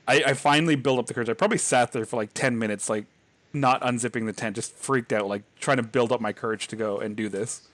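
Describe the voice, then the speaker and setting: A man's voice: medium pitch, fast, a bit bright, dry recording. A man hosting a podcast, telling a scary childhood story in a rambling, casual way, full of fillers and laughs. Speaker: podcast host.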